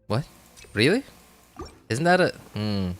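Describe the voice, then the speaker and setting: A man's voice: medium pitch, big pitch swings, slow, smooth, faint music behind. A man streaming a video game, chatting casually and rambling, with frequent self-corrections and laughs. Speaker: gaming streamer. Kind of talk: casual gameplay commentary.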